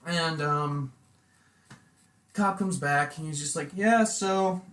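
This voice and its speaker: A young man telling a rambling, profane story on a casual podcast, acting out quotes loudly. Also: on the high side, steady tone, slow. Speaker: podcast host.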